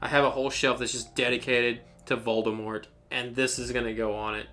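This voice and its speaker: A man's voice: medium pitch, level tone, fairly quick, a bit bright. A man hosting an unboxing video, talking in an enthusiastic, rambling way as he gushes over each item. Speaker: unboxing channel host. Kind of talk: excited unboxing commentary.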